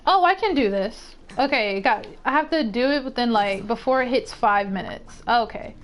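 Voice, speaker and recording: A woman's voice: a little high, moderate pace, few pauses, slight background noise. A young woman streaming a game, chatting casually, exclaiming and rambling as she plays. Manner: excitable, exclaims and rambles while gaming. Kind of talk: casual gameplay chat.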